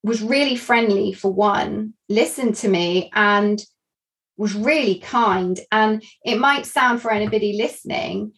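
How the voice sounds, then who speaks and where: A woman's voice: medium pitch, unhurried, a bit bright, poor audio. A woman, candidly telling her own story as a guest, earnest and reflective. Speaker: guest sharing a personal story.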